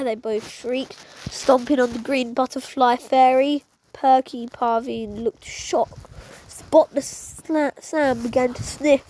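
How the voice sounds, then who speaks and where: A woman reading a children's book aloud, lively and stumbling now and then over words. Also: high voice, takes it slowly, slight background noise, rough recording. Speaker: storytime reader.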